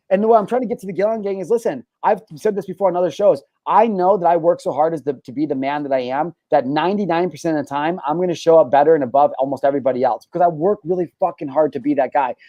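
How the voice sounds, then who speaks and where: A man's voice: fairly high pitch, warm tone, no room sound, muffled recording. A man hosting a podcast, talking candidly and emphatically, swearing often and restarting his sentences. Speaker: show host.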